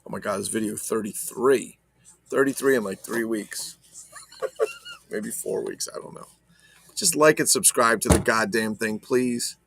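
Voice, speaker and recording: A man's voice: lowish voice, measured pace, vocal fry, fairly bright tone, a little hiss or hum. A man casually chatting about his toy collection, rambling and swearing as he talks to viewers. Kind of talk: casual unboxing chat.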